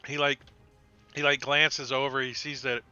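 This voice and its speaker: A man running a tabletop game as game master, acting out sound effects and shouted lines. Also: mid-range voice, level tone, normal speed, smooth, highs cut off, soft background music.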